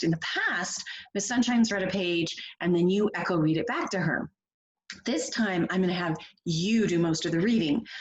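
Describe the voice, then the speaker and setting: Leading first graders through a picture book, a woman teacher encourages them with questions and reads expressively. Her voice sits on the low side, and the recording sounds muffled.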